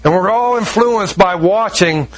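A middle-aged man preaching a sermon, high-strung and animated, telling stories with quick asides. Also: rough recording. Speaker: pastor.

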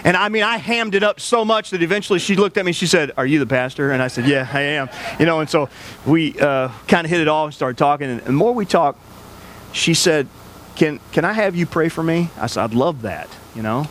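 A man's voice: a little high, brisk, fairly bright tone, a little hiss or hum. A man pastor preaching a sermon, telling a personal story in an earnest, conversational way with frequent restarts.

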